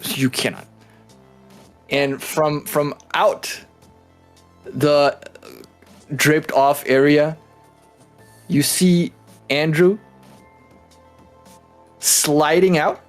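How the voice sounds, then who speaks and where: A man's voice: a little high, fairly even intonation, drawn-out words, pauses often, soft background music. A man narrating a tabletop game as game master, who jokes, swears and teases his players. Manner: laughing, swearing, playful teasing.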